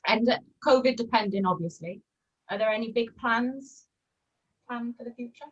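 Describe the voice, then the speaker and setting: A woman's voice: a little high, normal speed, breathy edge, lo-fi sound. A woman hosting a podcast, asking short, friendly questions on a video call. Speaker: podcast host. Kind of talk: casual interview chat.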